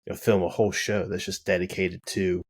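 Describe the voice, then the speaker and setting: A man who is a podcast guest, talking in a measured, thoughtful casual chat with some restarts. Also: deep voice, level tone, slightly rough, no echo, studio quality. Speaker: podcast guest, sports commentator.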